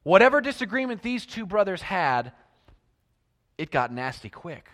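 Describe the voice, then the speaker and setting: A man preaching a sermon, telling stories and swinging between loud emphasis and hushed lines. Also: high-pitched, very animated, moderate pace, big-room sound.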